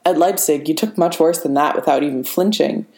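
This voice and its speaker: A woman voicing a disciplined soldier who speaks in a measured, controlled way. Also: sits low, warm tone, roomy sound. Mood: steady. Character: steady disciplined soldier man.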